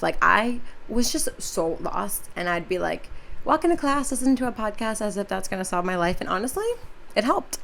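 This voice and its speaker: A woman's voice: medium pitch, very animated, normal speed, gravelly, fairly bright tone, a little hiss or hum. A twenty-one-year-old woman hosting her own podcast, talking casually and chattily with lots of "like" and "um". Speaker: podcast host.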